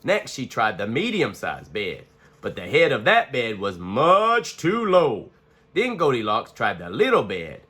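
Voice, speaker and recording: A man reads a children's storybook aloud with a very animated, playful delivery. His voice is bright and forward, climbing and dipping with the story. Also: mid-range voice, unhurried, breathy edge. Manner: expressive, playful.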